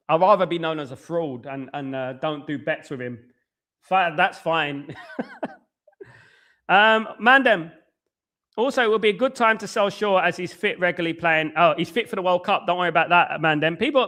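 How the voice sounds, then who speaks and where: A man's voice: high-pitched, fairly bright tone. A young man with a London accent, hosting a casual live stream and chatting with viewers in a rambling, teasing way. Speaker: host.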